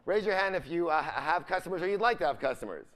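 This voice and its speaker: Expressive and fast, his voice on the high side with a fairly bright tone, a man presents a live seminar bursting with upbeat energy. He constantly asks the audience questions and stops short so they can finish his sentences.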